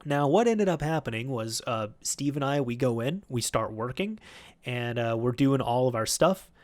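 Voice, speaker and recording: A man's voice: mid-range voice, expressive, normal speed, a little mellow. A man hosting a vlog, telling a work story in a chatty, rambling way with many fillers. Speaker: YouTube host.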